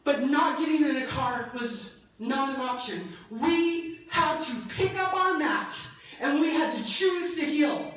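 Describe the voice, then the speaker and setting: High-voiced woman speaking in an echoey hall. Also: measured pace, few pauses, distant mic. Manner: passionate, animated storytelling with laughter. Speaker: keynote speaker. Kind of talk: emotional testimonial speech. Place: large event hall.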